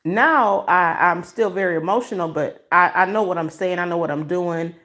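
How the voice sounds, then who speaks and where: A woman from Michigan hosting a casual livestream from home, talking to viewers on a phone she holds as she walks around, emotional and expressive with a preachy streak. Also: fairly low pitch, normal speed. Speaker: livestream host. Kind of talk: casual livestream commentary to a chat. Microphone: phone held in hand.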